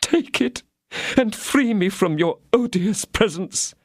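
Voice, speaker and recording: Man voicing a proud high-voiced queen. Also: animated, takes it slowly, dry recording, studio quality, heavily acted. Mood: tearful. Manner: pleading, indignant, raised high voice. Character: proud outraged queen, a woman.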